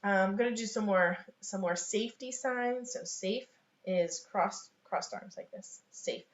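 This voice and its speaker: A woman's voice: medium pitch, unhurried. A woman teaching sign language online in a loose, chatty way, with many fillers and small laughs, from a room at home. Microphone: webcam on a video call. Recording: echoey, dull home webcam recording.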